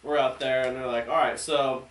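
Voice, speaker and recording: A podcast host from San Diego chats loosely and tells light, self-mocking stories. His voice is mid-pitched and easygoing. It sounds roomy and off-mic. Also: normal speed, distant mic. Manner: relaxed, joking anecdotes. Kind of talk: casual podcast chat.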